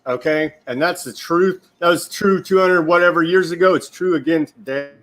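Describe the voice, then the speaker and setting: Indignant higher-voiced man ranting. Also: moderate pace. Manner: indignant, forceful, rhetorical questions. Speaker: guest commentator. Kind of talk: political commentary.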